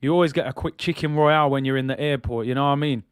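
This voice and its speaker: A man's voice: medium pitch, fairly even intonation, racing, clear, resonant tone, dry recording, clean studio sound. A man hosting a live football watch-along, chatting casually in slang and reading out viewer messages.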